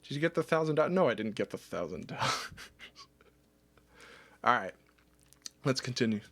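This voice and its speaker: A man telling a story on a livestream in a casual, animated way, swearing and acting out other people's lines. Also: mid-range voice, normal speed. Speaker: streamer.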